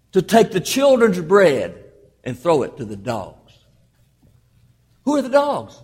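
A male pastor delivers a sermon in a high, husky, very animated voice, swinging between loud stresses and hushed, drawn-out phrases. He often calls the congregation beloved, and the recording carries a long reverb tail.

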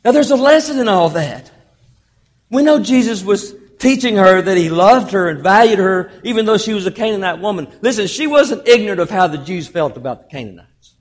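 Preaching with a high-pitched, expressive voice, this male pastor alternates emphatic loud stresses with quiet, stretched-out phrases. "Beloved" is his frequent address to the congregation, and a long reverb tail trails his words.

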